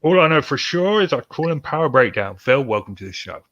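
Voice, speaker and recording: A man's voice: mid-range voice, very animated, a little fast, a bit bright, no echo, lo-fi sound. A man hosting a podcast, reading news stories with joking, sarcastic asides. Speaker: podcast host.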